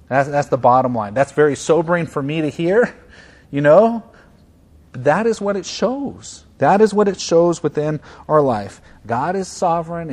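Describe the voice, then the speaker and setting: A man pastor preaching a sermon in an earnest, conversational way, moving between soft moments and emphatic ones. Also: fairly high pitch.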